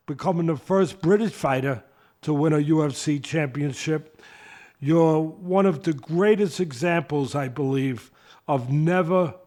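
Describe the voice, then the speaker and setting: An older man hosting an interview show, asking long, halting questions full of restarts. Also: a little high, darkish tone. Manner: halting, rambling setups with restarts. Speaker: host.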